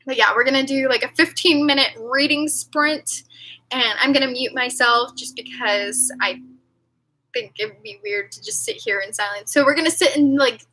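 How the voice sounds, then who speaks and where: A woman's voice: high-pitched, normal speed, pushed and bright, poor audio. A young woman hosting a live stream, chatting casually and rambling with lots of fillers and giggles. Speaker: livestream host. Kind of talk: casual livestream chat with viewers.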